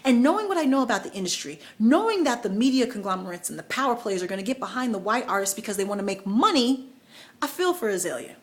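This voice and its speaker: A woman's voice: a little high, big pitch swings, quick pace. A young American woman talks straight to camera in a casual opinion vlog. She is conversational and opinionated, leaning hard on the words she wants to land. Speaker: vlogger.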